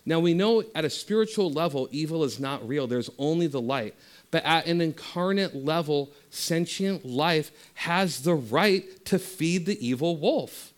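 Man, spiritual teacher; passionate talk with soft, slow guided-meditation passages. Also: a little high, animated.

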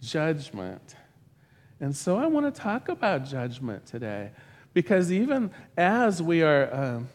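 A man preaching with a fairly high, very lively voice that swings up and down as he tells stories. His words ring with a long reverb, as if he is speaking in a large church hall. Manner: animated storytelling, acts out a joke with rising excitement. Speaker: pastor. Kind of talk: sermon.

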